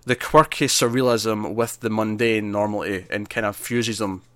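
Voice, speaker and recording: A man's voice: on the low side, steady tone, normal speed, fairly bright tone, no echo. A man co-hosting a podcast in casual chat about films, rambling with many restarts and fillers and acting out quotes. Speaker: podcast co-host. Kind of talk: casual film-list chat.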